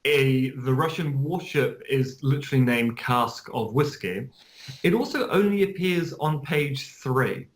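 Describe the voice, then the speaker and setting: A man's voice: mid-range voice, animated, unhurried. A man co-hosting a podcast, explaining things with a dry, wry edge. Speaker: podcast co-host. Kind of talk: casual chat.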